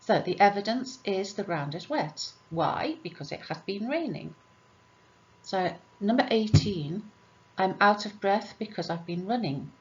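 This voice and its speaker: A woman's voice: medium pitch, lively intonation, unhurried. A woman teaches English grammar, working through numbered exercises and asking questions before answering them herself. Her voice sits in a middle register, and she keeps a patient, explanatory tone. The recording sounds a little dull and lo-fi.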